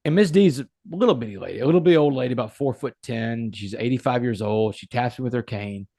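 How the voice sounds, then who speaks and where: A man with a gravelly, slightly rough voice speaks in an earnest, emphatic storytelling manner. His voice sits at a medium pitch and is recorded close and dry. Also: fast talker, mellow, dry recording. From United States. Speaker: guest. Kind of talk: storytelling in a podcast interview.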